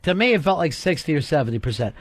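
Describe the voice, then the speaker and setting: A man's voice: on the high side, big pitch swings, fast talker. A man hosting a radio show, teasing guests with provocative jokes in casual banter.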